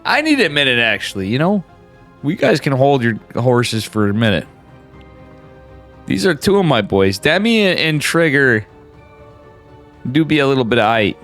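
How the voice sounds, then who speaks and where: A man's voice: mid-range voice, very animated, normal speed, long pauses, a bit bright, soft background music. A man streaming live game commentary, talking in a loose, profane, hyped-up way to his chat between plays. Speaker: esports caster.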